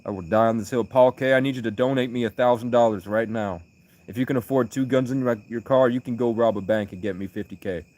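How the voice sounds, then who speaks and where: A man from the United States chatting on a late-night livestream, rambling through stories and reading out his chat, with loud bursts of laughter. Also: medium pitch, fairly even intonation, fast talker.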